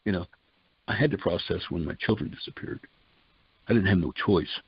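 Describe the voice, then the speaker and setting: A man's voice: low-pitched, normal speed, slightly rough, no room sound. An older man giving a personal testimony in a folksy way, retelling conversations line by line in quotes. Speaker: testimony speaker. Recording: dull lo-fi dry recording.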